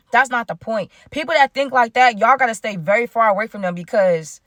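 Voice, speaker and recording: A woman telling a story in casual storytime style, animated and talking straight to her viewers. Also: fairly high pitch, brisk, few pauses, no room sound, clean studio sound. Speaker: storytime vlogger.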